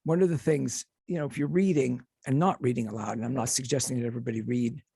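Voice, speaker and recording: A man's voice: mid-range voice, steady tone, quick pace, gravelly, warm tone, breathy edge, no echo, studio quality. A man hosting a radio show, chatting casually with guests and often restarting his sentences. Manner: rambling, with frequent restarts. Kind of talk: casual interview chat.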